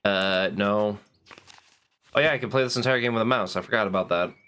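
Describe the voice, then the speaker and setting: A man's voice: fairly low pitch, fairly quick, a bit bright, smooth. A man streaming a game, thinking aloud, reading bits of game text and laughing easily as he chats. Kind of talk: casual gameplay chat.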